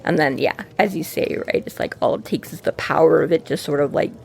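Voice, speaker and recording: Rambling woman podcast co-host, low voice. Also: a little fast, creaky. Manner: rambling, many fillers and quoted asides. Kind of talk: casual book discussion chat.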